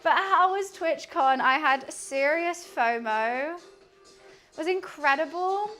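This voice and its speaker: Young British woman, live streamer; high voice, loose and chatty, curses casually while cooking. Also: expressive, slow pace, a bit bright, soft background music. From United Kingdom. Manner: chatty, laughs often, swears casually.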